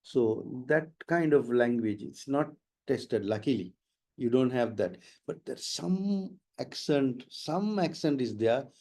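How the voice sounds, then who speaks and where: A man teaches an exam-prep webinar over an online mic. His tone is mellow and warm, and he explains things emphatically, hammering key words again and again. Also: medium pitch, expressive, takes it slowly. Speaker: IELTS trainer.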